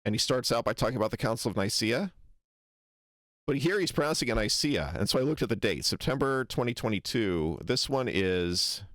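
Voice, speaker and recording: A man's voice: medium pitch, expressive, brisk, no room sound, clean studio sound. A man hosting a livestream, reacting to a history lecture in a hesitant, wry and skeptical way with many ums. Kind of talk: casual livestream commentary.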